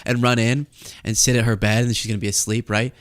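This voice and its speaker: A young man hosts a casual commentary podcast, rambling as he improvises a comic bit. His voice is smooth and clear, recorded close on a dry mic, and his pitch jumps around as he riffs. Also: level tone, quick pace, no echo. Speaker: host.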